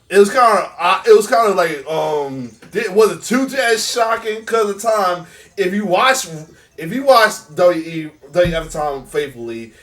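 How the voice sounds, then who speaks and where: A man hosting a reaction video in casual chat, excitable, laughing often and restarting his sentences. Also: high voice, distant mic. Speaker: reaction channel host.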